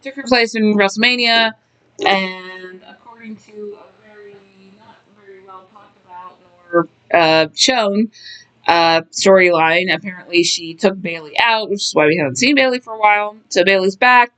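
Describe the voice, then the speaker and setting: A woman's voice: medium pitch, moderate pace, fairly bright tone. A woman co-hosting a podcast, recapping wrestling in casual chat, blunt and offhand with many fillers. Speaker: podcast co-host.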